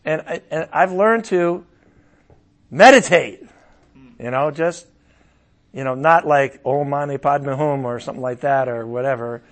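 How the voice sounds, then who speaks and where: A middle-aged man preaching as a pastor in a conversational way, breaking into loud emphatic bursts. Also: mid-range voice, unhurried. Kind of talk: sermon.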